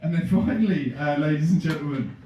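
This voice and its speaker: A man's voice: on the high side, brisk, lo-fi sound. A man telling a comic story on stage, often laughing at his own jokes and acting out other people's voices. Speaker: stand-up comedian. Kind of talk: stand-up storytelling. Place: comedy club stage. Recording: echoey room from far off, noisy. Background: audience laughter.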